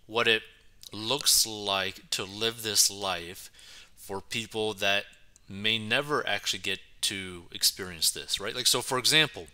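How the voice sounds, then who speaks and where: A man's voice: lowish voice, sharp tone, clear, resonant tone. A man giving casual commentary on a news story, chatty and filling his talk with "right" and "like". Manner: chatty, keeps saying right and like. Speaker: commentary channel host.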